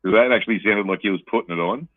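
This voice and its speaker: A man's voice: on the low side, racing, no echo. Swearing man on a tinny line. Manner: swears a lot, rambling, animated. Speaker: podcast co-host. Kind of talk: casual chat. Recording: tinny dry phone-like line.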